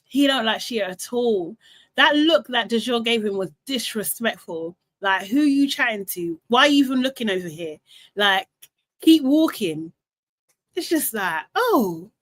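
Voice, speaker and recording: A young woman hosts a casual live recap stream, chatty and animated, laughing often and reading out comments from the chat. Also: on the high side, measured pace. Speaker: live show host.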